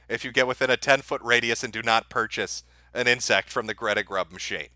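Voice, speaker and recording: A man's voice: mid-range voice, fairly even intonation, a little fast, few pauses, bright, forceful tone, no echo, studio quality. A man hosting a livestream, ranting sarcastically and profanely and laughing at his own jokes as he reads viewer super chats. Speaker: livestream host.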